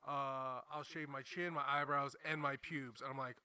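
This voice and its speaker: A man's voice: mid-range voice, steady tone, normal speed, sharp tone, clean tone. A young man from New Jersey, a comedian guest telling a story in a laid-back, swearing, casual way. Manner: laid-back, swearing, laughs often while telling stories.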